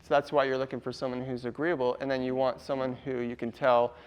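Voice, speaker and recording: A man's voice: medium pitch, level tone, fast talker, clean tone. A man presenting a casual workshop to a live audience, laughing often and quizzing the room.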